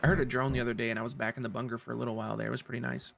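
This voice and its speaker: A man in casual in-character roleplay chat, telling a story in a profane, animated way. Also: medium pitch, rapid-fire, vocal fry. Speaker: streamer playing a roleplay character.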